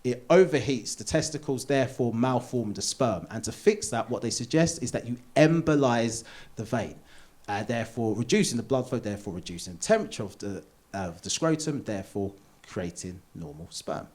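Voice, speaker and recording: A man's voice: medium pitch, fairly quick. A man in his thirties doing a stand-up comedy routine on a theatre stage, telling a personal story and acting out the people in it. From England. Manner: animated storytelling, acts out doctor and himself in quotes. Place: theatre stage before a live audience.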